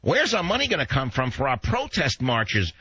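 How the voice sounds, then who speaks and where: A man voicing a mocking caricature of a whiny left-wing protester, high and whining. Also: huge pitch swings, normal speed, pushed and bright, breathy edge, no echo, muffled recording, heavily acted. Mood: sneering.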